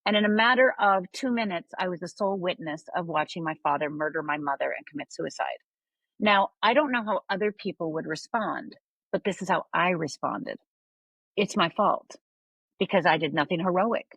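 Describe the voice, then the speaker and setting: Low, husky older woman telling her story. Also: no room sound, highs cut off. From Upper Michigan. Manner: candid, confiding, checks in with tag questions. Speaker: podcast guest. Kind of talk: personal storytelling.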